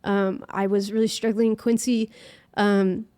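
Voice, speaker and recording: A young woman recounting her faith journey in an interview. She speaks earnestly and emotionally, pausing and restarting often with many fillers, at an ordinary middle pitch. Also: little pitch movement, warm tone. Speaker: guest musician. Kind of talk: personal faith story in an interview.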